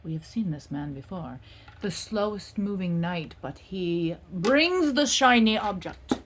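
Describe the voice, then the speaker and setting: A woman's voice: medium pitch, animated, a little slow, a little hiss or hum. A woman doing a casual tarot reading, talking in a playful, rambling and self-mocking way. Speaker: tarot reader.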